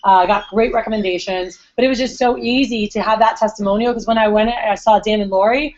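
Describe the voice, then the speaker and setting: Young woman, rapid chatty sales trainer, a bit high, dull lo-fi meeting recording. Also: steady tone, darkish tone. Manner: chatty, acts out customer quotes. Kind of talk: storytelling sales training talk. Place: meeting room.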